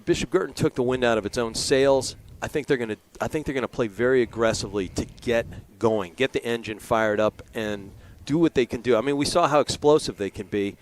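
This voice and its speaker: A man's voice: mid-range voice, a little fast, hardly any pauses, slight background noise. Chatty, earnest male color commentator. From Maryland. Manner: chatty and earnest, with frequent fillers and rambling asides. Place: press booth at a lacrosse game.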